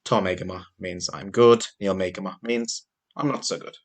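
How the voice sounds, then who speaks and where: A male teacher giving a slow, clear, patient lesson to a young class, asking questions as he goes. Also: deep voice, steady tone.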